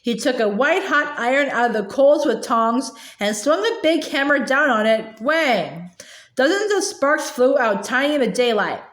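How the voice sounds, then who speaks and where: A woman reading a children's book aloud in a halting way, with fillers and restarts. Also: high-pitched, lively intonation, a bit bright. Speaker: reader. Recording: echoey room.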